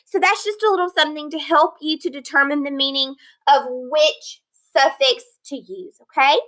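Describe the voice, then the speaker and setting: A woman teaching a phonics lesson, sounding out word parts slowly and deliberately, praising and checking in with her students. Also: sits high, pushed and bright, poor audio. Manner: encouraging, checks in with "okay?". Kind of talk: recorded online lesson.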